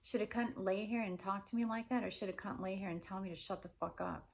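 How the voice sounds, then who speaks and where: A woman's voice: medium pitch, quick pace, vocal fry, darkish tone. A woman talking alone in a rambling monologue, stringing run-on questions together with heavy swearing.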